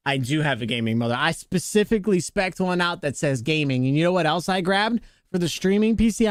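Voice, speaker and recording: A male streamer with a high-pitched voice chats casually with his viewers, joking, laughing often, and greeting chatters by name. The sound is studio quality with no room sound.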